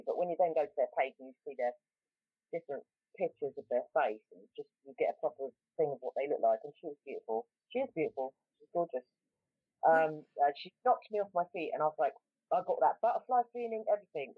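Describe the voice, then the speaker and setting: A woman's voice: deep voice, dry recording. A woman with a South London accent telling a story in a casual chat, rambling with lots of ums and restarts. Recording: tinny phone-like line, dry.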